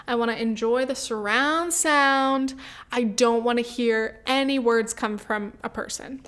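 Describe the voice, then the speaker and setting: This is a twenty-something woman talking solo on her podcast in an easygoing way, cursing openly and leaning on fillers like "like" and "um." She speaks unhurriedly in a higher register with a fairly bright tone.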